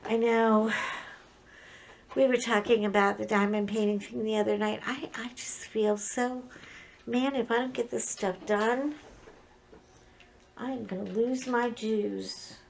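Middle-aged woman, home craft vlogger, unhurried rambling chat, slightly high voice. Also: steady tone, creaky, slight background noise. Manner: chatty, joking, digressive with frequent restarts. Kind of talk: casual unboxing chat.

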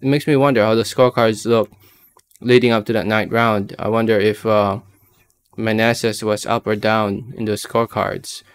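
A man's voice: lowish voice, level tone, moderate pace, clear, resonant tone. A man giving casual boxing commentary, talking a little slurred and thick because half his face is numb after dental work, rambling with lots of fillers. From Filipino American. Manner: loose, rambling, many fillers. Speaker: boxing vlogger. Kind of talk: casual post-fight commentary.

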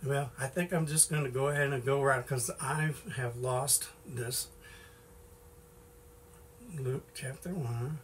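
A man's voice: medium pitch, steady tone, slow pace, long pauses, far from the mic, slight background noise. A middle-aged man giving an informal sermon in a folksy way, with many "you know"s and restarts. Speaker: preacher.

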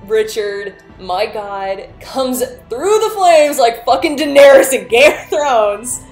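A woman casually recapping and reviewing a TV drama, animated and swearing freely as she tells the story. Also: on the high side, takes it slowly, soft background music. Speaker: show reviewer.

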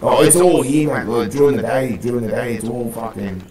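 A man's voice: mid-range voice, fairly quick, reverberant, a crowd in the background, poor audio. A man playing a gang leader in a roleplay, rambling, swearing constantly and calling everyone mate. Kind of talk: in-character roleplay chat.

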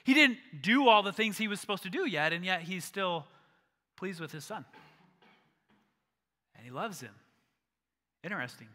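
Brief: male pastor, earnest sermon, fairly high and very bright voice, long hall reverb. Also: animated, normal speed, pauses often. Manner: earnest, rising to emphatic peaks. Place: church sanctuary.

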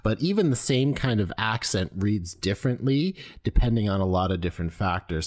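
A man co-hosting a live podcast who talks casually and explains tabletop tips at length in a measured way. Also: fairly low pitch, animated. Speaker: podcast co-host.

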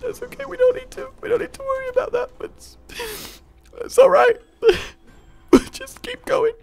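A man's voice: very high voice, flat delivery, normal speed, vocal fry, darkish tone, voice pushed up. A man putting on a melodramatic, self-pitying gaming commentator with a whiny voice. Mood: mopey. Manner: whiny, melodramatic sighing delivery.

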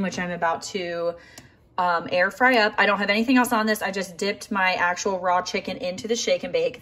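A bubbly woman in her thirties chats straight to her viewers about her meals, keeping it light and talkative. Her voice sits at an ordinary middle pitch. Steady vehicle and road noise hums clearly behind her. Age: 30s. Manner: bubbly, chatty, keeps addressing viewers. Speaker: food vlogger. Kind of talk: casual food vlog chat. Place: in a car at a drive-thru, then a home kitchen. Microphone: camera or phone recording herself.

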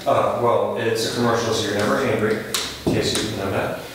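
A pushy, overexcited casting director, played by a man, rattles off rapid directions and jumps up loudly whenever he gets excited. His voice bounces around a very echoey room, heard from well back from the mic over steady noise. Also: on the low side, recorded from a distance, natural voice. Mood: brisk. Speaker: casting session runner. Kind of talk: scripted comedy sketch.

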